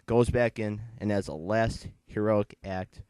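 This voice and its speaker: A man's voice: on the low side, unhurried, darkish tone, clear, resonant tone, no echo. A young man in his late teens, chatting casually as he reviews a comic book and retells its plot in a rambling, digressive way.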